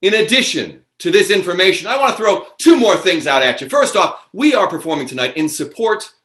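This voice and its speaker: A man's voice: high-pitched, big pitch swings, brisk, a bit bright, roomy sound. A man hosting a live online improv comedy show, announcing the cast and rules with upbeat, theatrical patter over a video call.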